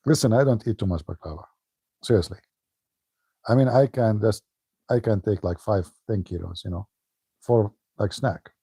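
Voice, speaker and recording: Gravelly-voiced joking male streamer. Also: fairly low pitch, normal speed, pauses often, dark tone, no room sound. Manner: joking, chatty, laughs often. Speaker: online commentator. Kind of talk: casual livestream chat.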